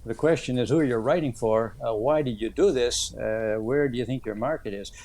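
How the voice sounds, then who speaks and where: An author in his seventies answers interview questions earnestly and thoughtfully, pausing often with "uh" as he tells stories. His voice sits in the middle range with a darkish tone.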